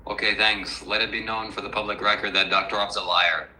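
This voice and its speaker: A man's voice: lowish voice, level tone, a little fast, bright, forceful tone, echoey room, slight background noise, poor audio. A man chuckling through short statements for the record.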